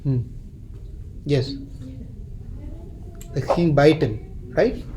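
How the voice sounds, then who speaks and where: A man's voice: a little high, extremely slow, mellow, a little hiss or hum, poor audio. A man teaching a scripture class, retelling a story, often repeating or restarting phrases and quizzing his listeners.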